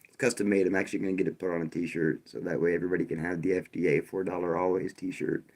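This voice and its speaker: A man's voice: sits low, little pitch movement, quick pace, gravelly, darkish tone. A man hosting a live stream, talking loosely and casually, with frequent restarts and a wry, sarcastic edge. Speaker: livestream host.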